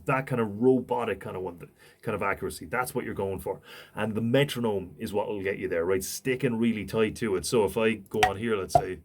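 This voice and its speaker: A man's voice: lowish voice, a little fast. A man teaching guitar, recapping a lesson patiently, counting beats aloud and scatting riffs over his playing. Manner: patient, repeats okay and right, counts and scats riffs. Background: guitar and metronome.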